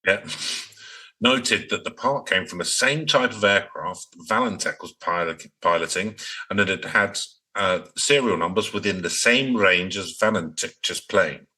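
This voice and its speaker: A man's voice: deep voice, unhurried, pushed and bright, slightly rough, rough recording. A man co-hosting a podcast, chatting casually and laughing often as he recounts a mystery case. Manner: laughs often while reading out the story. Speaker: podcast co-host.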